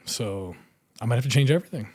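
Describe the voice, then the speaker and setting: A man's voice: mid-range voice, expressive, fast talker, a little mellow, husky, no room sound. A man in his thirties, a wrestler as guest, telling stories in a casual studio interview and laughing often as he talks. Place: podcast studio.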